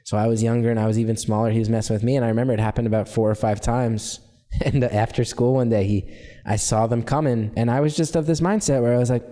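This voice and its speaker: A man's voice: medium pitch, quick pace. An American man in his thirties, a comedian telling candid personal stories in a casual interview. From United States. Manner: candid, animated storytelling. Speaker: comedian guest.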